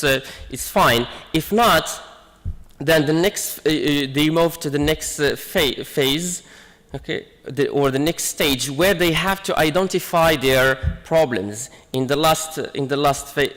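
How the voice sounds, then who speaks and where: A man's voice: on the high side, measured pace, fairly bright tone, long reverb tail. A man giving an academic conference presentation, hesitant with many fillers and restarts. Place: conference hall.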